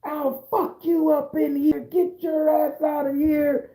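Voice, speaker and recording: A man voicing a furious male courtroom judge who shouts insults, recorded in an echoey room. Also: very high voice, little pitch movement, slow, voice pushed up.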